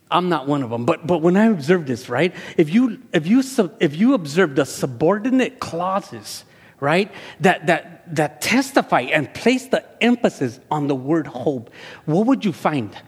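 A male pastor who speaks Spanish as his first language, preaching a sermon that swells into loud, high-pitched passion. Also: breathy edge. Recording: echoey hall with long reverb.

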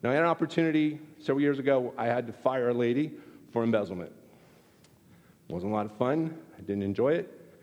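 Male pastor, mid-pitched, lively sermon delivery, long hall reverb. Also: fairly quick. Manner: animated, acts out quoted exchanges.

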